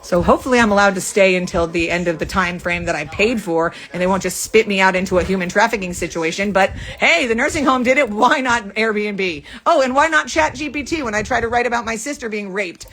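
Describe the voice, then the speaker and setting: A woman's voice: mid-range voice, a bit bright, slight background noise. Furious woman venting in a profane rant. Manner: furious, profane, rapid-fire accusations. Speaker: vlogger. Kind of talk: angry venting monologue to camera. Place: rented room.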